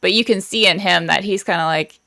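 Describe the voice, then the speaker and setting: A woman's voice: fairly low pitch, brisk, gravelly, pushed and bright, dry recording, studio quality. A woman guest on a podcast, chatting casually with lots of fillers and easy laughs. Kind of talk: casual chat.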